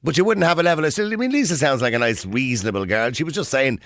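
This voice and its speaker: An Irish man hosting a phone-in radio show in a brisk, joking manner. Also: mid-range voice, no room sound, studio quality. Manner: brisk, animated, joking banter. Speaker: radio host.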